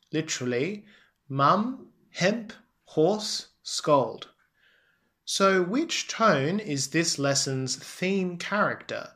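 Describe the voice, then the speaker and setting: A woman talks through a language lesson at a very slow, measured pace. Her pitch moves in wide swoops as she stresses each tone. Every word is enunciated with deliberate care. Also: expressive, fairly bright tone. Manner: deliberate, careful enunciation with exaggerated tones. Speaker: Chinese language teacher.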